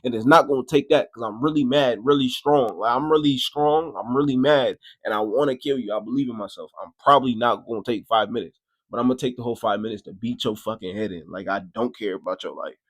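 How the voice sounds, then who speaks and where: Man, casual storytime host, profane and animated, mid-pitched voice, very dry sound. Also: fast, husky, no echo. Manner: profane, animated, voice jumps high and loud when excited.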